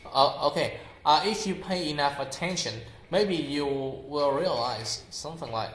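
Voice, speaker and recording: A man's voice: a little high, fairly bright tone. Vietnamese-accented man teaching English, echoey room. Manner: explains slowly with many fillers and repeats example words aloud. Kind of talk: informal spoken lesson.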